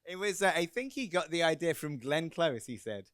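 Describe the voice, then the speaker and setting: A man's voice: fairly high pitch, very animated, a bit bright, clear, resonant tone, dry recording. Chatty english man telling stories. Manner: quick, chatty, laughing storyteller. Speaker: film director guest. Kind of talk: animated anecdote telling. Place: cinema Q&A on stage.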